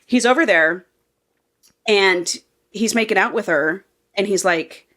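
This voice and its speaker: Woman podcast co-host, casual and profane storyteller, mid pitch. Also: unhurried, bright, forceful tone. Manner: chatty, profane, acts out characters while recapping. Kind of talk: casual book-review chat.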